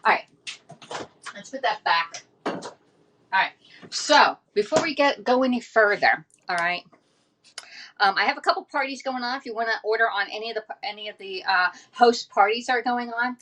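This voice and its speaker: A woman's voice: on the high side, animated, normal speed, pauses often, a bit bright. Woman livestream host, casual and chatty, rambling with fillers and y'all. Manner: chatty, says y'all often, many fillers and restarts. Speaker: livestream host selling kitchen products.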